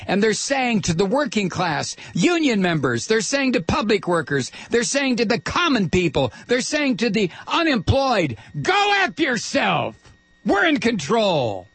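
A man hosting a political call-in radio show, angrily firing off repeated rhetorical questions and sometimes shouting. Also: high-pitched, husky, no room sound. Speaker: radio talk show host.

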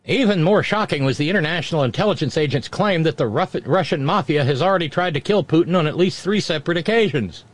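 A man's voice: fairly high pitch, lively intonation, dry recording. A man hosting a commentary show, reading news items and breaking in with sarcastic, mocking asides. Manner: wry, mocking, quick interjections.

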